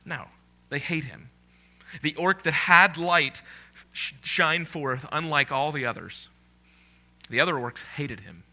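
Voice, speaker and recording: Bright-voiced male preacher. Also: a little high, takes it slowly, long pauses. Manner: conversational, asks the congregation questions. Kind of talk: sermon.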